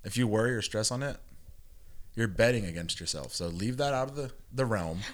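A man's voice: on the low side, expressive, brisk, a crowd in the background. A man guesting on a podcast, joking and teasing in casual banter.

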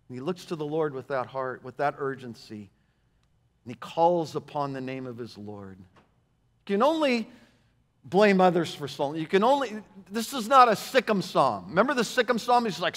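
Pastor guy preaching, kinda high voice, big echoey church sound, gets loud then real quiet. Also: moderate pace. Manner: animated, repeats words for emphasis, swings from loud to hushed. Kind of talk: sermon. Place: church sanctuary. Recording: sanctuary with long reverb.

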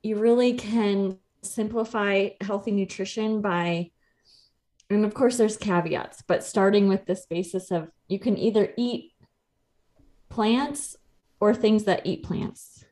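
A woman's voice: mid-range voice, steady tone, slow pace, dark tone. A woman in her thirties, a nutrition coach co-hosting a podcast, explaining things in a chatty, easygoing way and laughing easily. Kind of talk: casual podcast chat.

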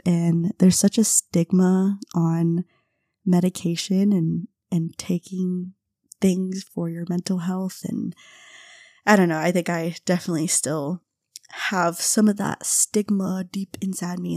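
A young woman hosting a podcast, telling a casual story with frequent laughs and quick impressions of her friends. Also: on the low side, mellow, dry recording, clean studio sound. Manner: chatty, laughs often, mimics friends in quotes. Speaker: podcast host.

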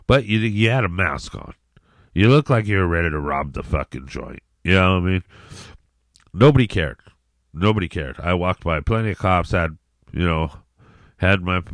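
A man's voice: extremely low pitch, no room sound, studio quality. A man hosting a solo podcast in a rambling, profane rant, with many restarts and repeated "you know what I mean". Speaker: podcast host.

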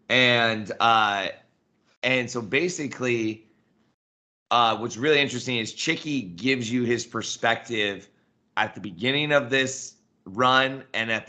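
A man's voice: lowish voice, bright, forceful tone. A man co-hosting a casual history podcast, explaining details and reading passages from a book aloud. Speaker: podcast co-host.

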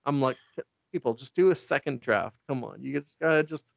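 A man's voice: medium pitch, expressive, a little fast, gravelly, no room sound. A man casually retelling a story for laughs, rambling, swearing and laughing often. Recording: dull lo-fi dry sound.

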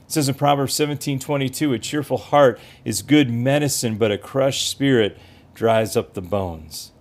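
A man's voice: mid-range voice, moderate pace. A man giving an earnest, encouraging podcast sermon as pastor and host, repeating phrases for emphasis.

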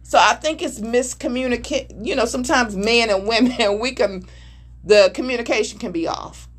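A woman's voice: a little high, normal speed. A middle-aged woman speaking candidly and emphatically in a conversation, now and then acting out other voices. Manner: earnest, emphatic, acts out voices mid-story. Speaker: married panelist discussing communication.

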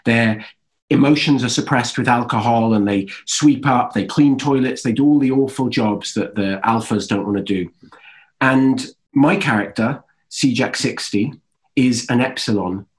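An English man in his thirties talks in a relaxed, easygoing way as a guest on an interview. His pitch sits in a plain middle range. He pauses and fills his sentences with casual asides. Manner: relaxed, easygoing storytelling with fillers. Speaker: actor, guest.

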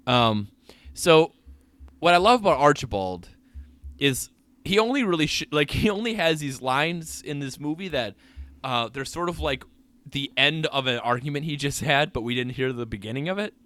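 A man's voice: fairly high pitch, expressive, moderate pace, a bit bright, no room sound. A man co-hosting a podcast in casual chat, playful and laughing often as he argues odd tangents. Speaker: podcast co-host.

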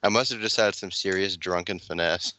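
A man's voice: low voice, brisk, sharp tone, poor audio. A young man co-hosting a podcast in casual chat, rambling with lots of filler words. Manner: rambling, heavy filler words, laughs often. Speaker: podcast co-host.

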